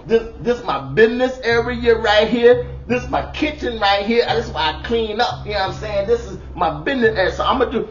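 A man's voice: high voice, highs cut off. A middle-aged man, doing a comedic monologue of relationship advice, exclaiming and hamming it up in a bold persona.

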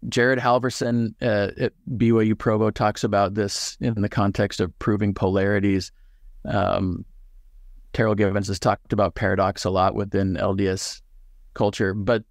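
A man with a fairly low voice talks as a guest author on a video call, discussing his writing and reading in a reflective, thoughtful manner full of fillers and restarts. The sound is clean studio quality without echo.

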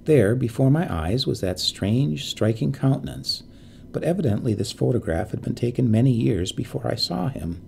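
Male storybook narrator, gravelly and lively in pitch, measured and hushed suspense. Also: a little hiss or hum.

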